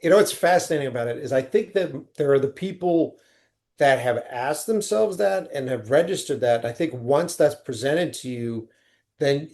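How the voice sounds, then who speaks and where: Male podcast guest, filmmaker, mid-pitch, reflective, talks through ideas with rhetorical questions. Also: a little mellow. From United States. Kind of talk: casual conversation.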